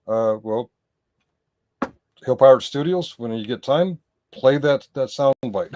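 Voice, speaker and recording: A man hosting a livestream and reacting to a clip in loose, chatty commentary. His voice sits at an ordinary middle pitch, and he wanders and backtracks as he talks to his chat. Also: lively intonation, takes it slowly, long pauses, warm tone. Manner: rambling, self-correcting, talks to his chat.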